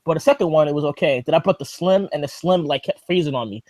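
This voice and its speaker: A man's voice: a little high, fast talker, a little mellow, no echo, studio quality. A man hosting a podcast in casual chat, ranting animatedly and swearing freely, describing himself as skeptical and paranoid. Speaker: podcast host.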